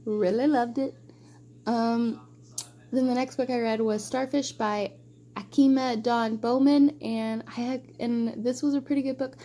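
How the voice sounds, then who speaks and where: A woman's voice: fairly high pitch, steady tone, measured pace, warm tone. A young woman chatting casually about books she read, gushing and emotional with lots of rambling asides. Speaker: book vlogger. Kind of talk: casual book wrap-up chat.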